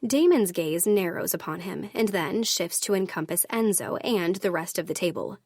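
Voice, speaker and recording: Lady reading a romance audiobook, even and steady, super dry mic. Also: fairly low pitch, moderate pace, slightly rough, no room sound. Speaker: audiobook narrator. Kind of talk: scripted first-person narration.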